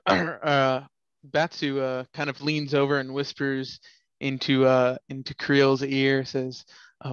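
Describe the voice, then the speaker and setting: A man playing a tabletop game who describes his character's actions haltingly and with amusement, with many uhs. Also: medium pitch, a bit bright, dry recording, dull audio. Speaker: player. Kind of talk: casual tabletop play.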